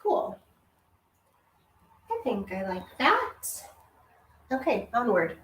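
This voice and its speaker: Woman vlogger, unhurried casual musing while shelving books, faint room hum, heard from across the room. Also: a little high, huge pitch swings, fairly bright tone, recorded from a distance. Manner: chatty, musing, half to herself. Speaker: book vlogger. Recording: roomy, off-mic with faint ambience.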